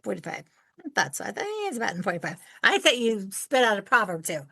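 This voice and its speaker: A woman in her sixties from Ohio, hosting an interview podcast and telling animated stories with acted-out quotes. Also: medium pitch, fast, creaky, husky. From Ohio, United States. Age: 60s. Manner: animated storyteller, acts out quoted voices. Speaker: podcast host. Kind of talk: casual interview chat.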